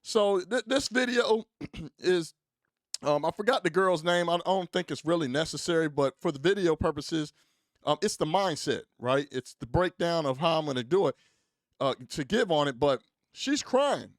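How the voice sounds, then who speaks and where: A man's voice: a little high, lively intonation, normal speed, dry recording. A man hosting a commentary show, talking in a rambling, casual way with lots of fillers and speaking straight to his listeners. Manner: rambling, filler-heavy, addresses listeners directly. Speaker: commentary channel host.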